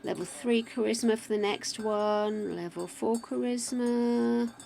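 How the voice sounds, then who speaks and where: Slow, wobbly-voiced older woman. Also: fairly high pitch, fairly even intonation, vocal fry, warm tone. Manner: chatty, greets viewers by name, thinks aloud. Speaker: game streamer. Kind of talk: casual live-stream chat while playing.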